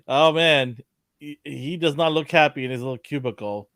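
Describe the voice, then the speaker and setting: A man's voice: a little high, measured pace, a bit bright, no echo, clean studio sound. A man hosting a casual review podcast, teasing his co-hosts, laughing often and steering the discussion. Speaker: podcast host leading the discussion. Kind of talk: casual chat reviewing a TV episode.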